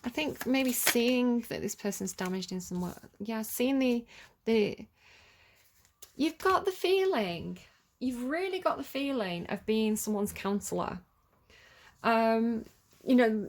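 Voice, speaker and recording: A woman's voice: fairly high pitch, animated, measured pace, darkish tone. A woman giving a casual tarot reading, talking in a chatty, rambling way with lots of "like" and "you know.". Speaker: tarot reader.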